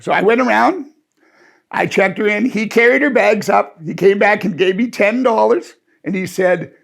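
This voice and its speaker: Gravelly, high-voiced older male storyteller. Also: moderate pace, a bit bright. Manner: chatty, amused, rambling. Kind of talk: casual anecdote.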